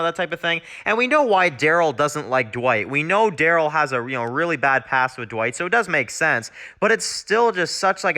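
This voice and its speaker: Man, casual show reviewer, rambling with fillers, bright voice. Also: a little high. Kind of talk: casual video review, retelling a plot.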